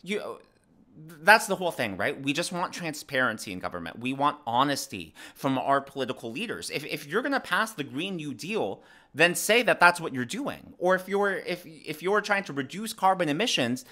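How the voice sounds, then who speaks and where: A man's voice: fairly high pitch, moderate pace. A young man raised in the American South giving casual political commentary to his viewers, with lots of fillers and restarts. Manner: animated, frequent fillers and restarts.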